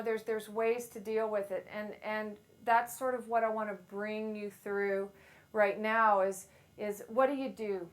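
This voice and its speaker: A middle-aged woman giving a playful, self-deprecating motivational talk to a live audience on a handheld mic. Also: mid-range voice. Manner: playful, self-deprecating storyteller who acts out quotes loudly. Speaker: speaker at a women's event.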